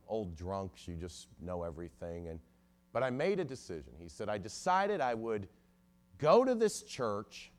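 A man with a somewhat low voice preaches a sermon as a story. He quotes the people in it as he goes, his volume surging up and then falling away to almost nothing. He sounds like a lawyer addressing a church. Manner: storytelling with sudden swells and drops in loudness.

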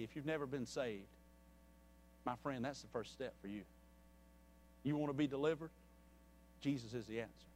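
A man preaching a sermon in a church, reading a story and then pleading earnestly and softly with listeners. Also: mid-range voice, slight background noise. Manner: earnest and pleading, dropping soft.

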